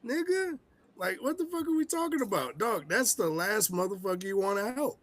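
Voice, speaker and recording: Animated, profane ranting podcast man. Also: high voice, moderate pace. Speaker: podcast co-host. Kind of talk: casual comedic rant.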